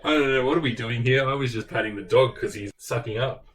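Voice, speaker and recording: A man co-hosting a casual book chat, joking in a dry, deadpan way. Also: medium pitch, quick pace. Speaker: booktuber co-host. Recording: distant mic, faint background noise.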